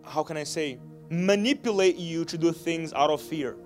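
A man preaching a sermon, telling a story with earnest repeated restarts and building to shouted lines. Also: on the high side, normal speed, soft background music. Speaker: pastor.

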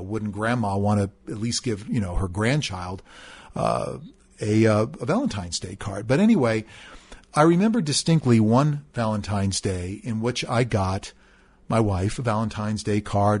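A man's voice: lowish voice, slightly rough, no echo. A middle-aged man reading a personal story aloud, then reflecting on his own marriage in an earnest, candid way with hesitant restarts. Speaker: narrator.

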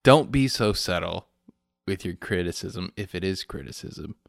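Deep, gravelly sardonic man. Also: moderate pace, dry recording, clean studio sound. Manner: sardonic, joking asides. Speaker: podcast co-host. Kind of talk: casual chat.

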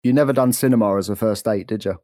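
A man's voice: lowish voice, quick pace, mellow, dry recording. A tired man co-hosting a podcast in casual chat, laughing often and swearing. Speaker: podcast co-host.

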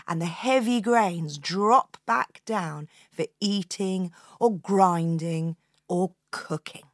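A woman hosting a storytelling podcast, telling a folk tale to children in an expressive, inviting way. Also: medium pitch, dry recording, clean studio sound. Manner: expressive, inviting the listener to join in.

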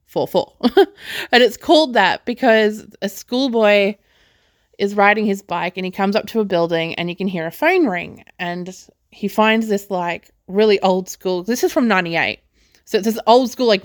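A woman hosting a podcast, casually reviewing films in a chatty way, full of "like" fillers and quick laughs. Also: medium pitch, no room sound, studio quality. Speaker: podcast host, film reviewer. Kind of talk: casual movie review chat.

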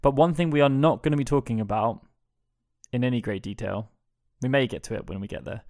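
A man's voice: medium pitch, dark tone, no room sound. Upbeat male podcast host, dry sound. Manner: upbeat, jokey, reads announcements briskly. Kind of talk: casual podcast chat.

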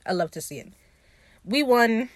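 Excited woman gushing over a show. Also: on the high side, measured pace, dry recording. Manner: animated, gushing and swearing, acts out the characters' lines. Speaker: podcast host recapping a TV episode. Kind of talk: casual solo commentary.

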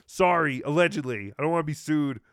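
A man's voice: a little high, lively intonation, a little fast, no echo, clean studio sound. A man hosting a podcast, giving wry, mocking commentary on a clip. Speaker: podcast host. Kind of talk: sarcastic commentary on a stream clip.

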